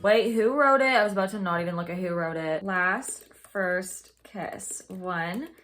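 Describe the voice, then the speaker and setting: A woman's voice: medium pitch, measured pace, fairly bright tone, faint music behind. A young woman songwriter chatting casually as she reacts to an album, bubbly and full of "like".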